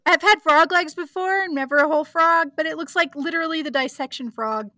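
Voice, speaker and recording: A woman's voice: high voice, moderate pace, bright, forceful tone, no room sound. A woman co-hosting a podcast, chatting casually through an episode recap with plenty of likes, ums and giggles. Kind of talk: casual chat.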